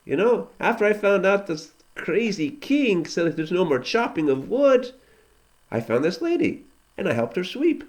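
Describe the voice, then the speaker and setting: A man voicing a cheerful poor handyman who chats brightly about his luck. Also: high voice, sing-song, normal speed, voice pushed up. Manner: upbeat, chatty, Yiddish-flavored words. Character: cheerful poor male handyman, always happy.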